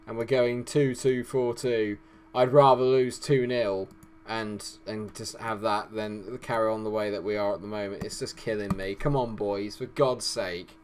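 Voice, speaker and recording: A man giving excited, hoarse commentary on his football management game, swinging from glum muttering to shouted outbursts. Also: on the low side, unhurried, a little hiss or hum. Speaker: gaming YouTuber.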